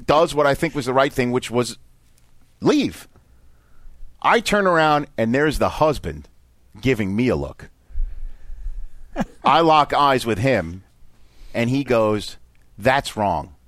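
A man's voice: medium pitch, takes it slowly, long pauses, no echo, studio quality. A man hosting a podcast and telling a story in casual chat, acting out the people in it. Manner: animated, acts out the people in his story. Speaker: podcast host. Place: lives in Los Angeles.

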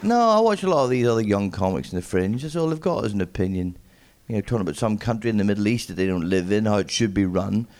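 A young man with a strong accent doing a stand-up comedy set, mumbling and wry in a deadpan way. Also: lowish voice, quick pace, few pauses, a faint crowd. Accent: strong regional accent. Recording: noisy live venue recording.

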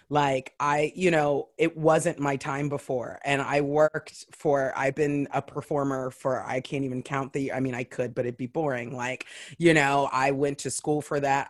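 A woman comedian in casual conversation, telling stories with lots of "like" and acting out other people's voices. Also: sits low. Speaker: comedian guest. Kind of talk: casual chat.

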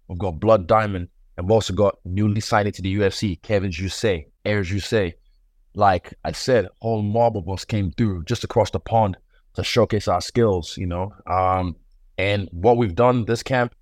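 A man's voice: sits low, no echo, clean studio sound. A man talking as a guest fighter in a casual interview, laid-back and swaggering, now and then acting out other people's words.

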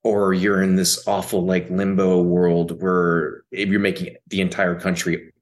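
A man appearing as a podcast guest, chatting casually in a relaxed, rambling way full of restarts. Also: sits low, measured pace. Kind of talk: casual chat.

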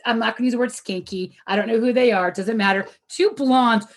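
A woman telling a story in a casual video-call chat, animated and laughing often as she talks. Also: fairly high pitch, quick pace.

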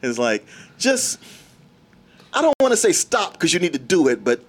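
A man's voice: on the high side, very animated, moderate pace. A man co-hosting a casual movie review chat, making wry jokes. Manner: wry, joking asides. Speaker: podcast co-host.

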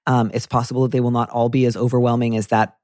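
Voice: mid-range voice, little pitch movement, quick pace, darkish tone, no room sound, studio quality. A podcast host giving advice and chatting with a guest in an encouraging, playful way, then reading the show's closing notes.

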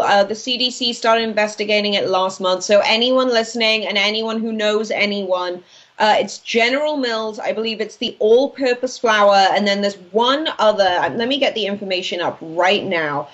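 A woman in her late twenties from Wales, a guest writer chatting casually and brightly in an interview, quick to laugh. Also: a little high, dull audio. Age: 20s. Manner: bubbly, chatty, laughs easily. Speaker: news and commentary writer, guest.

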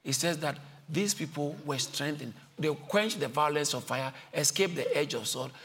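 A man preaching a sermon with passion, repeating his lines and climbing to high shouts, with a congregation answering him. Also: moderate pace. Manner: impassioned, repeats phrases, builds to high shouts. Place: church service. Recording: live congregation audible.

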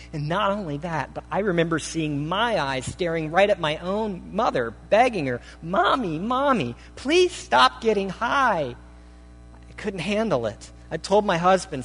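A man preaching a sermon, reading a testimony aloud in the first person with an earnest, dramatic delivery that swells and hushes. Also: fairly high pitch. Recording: reverberant hall with faint hum.

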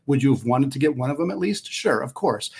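A man with a husky, slightly rough voice talks through college basketball results. He speaks casually, pausing to restart phrases as he works out his point. His pitch sits in an ordinary middle range for a man. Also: lively intonation, darkish tone. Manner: analytical, thinks aloud with restarts. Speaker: sports podcast co-host. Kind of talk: casual sports talk.

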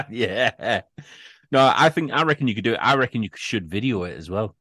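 A man's voice: mid-range voice, sing-song, unhurried, sharp tone, husky, dry recording. English guy hosting a sports podcast, laid back, bit teasing, dry mic. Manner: easygoing, teasing, steers the show along. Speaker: podcast host. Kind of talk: casual sports chat.

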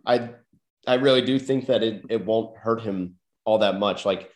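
Recovering from a cold, a podcast host with a nasal, fairly low, darkish voice chats casually about basketball draft prospects at a normal speed. He sounds hesitant and often repeats words as he starts his thoughts, and the room is echoey.

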